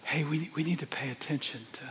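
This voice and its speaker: A whispered role-play: a loving wife in bed softly scolding her husband, voiced by a man. The whisper is gentle and close, without any voiced tone. It carries soft reproach over faint background noise. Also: on the high side, a little fast, close to an everyday voice. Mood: tender. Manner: soft unvoiced whisper, tender.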